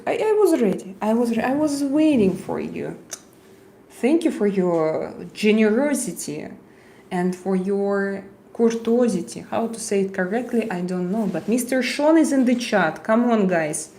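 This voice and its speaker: A woman's voice: medium pitch, mellow, a little hiss or hum. Blunt Russian-accented woman streamer. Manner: blunt, halting, repeats words while reading chat aloud. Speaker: livestream host reading chat. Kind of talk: casual livestream chat.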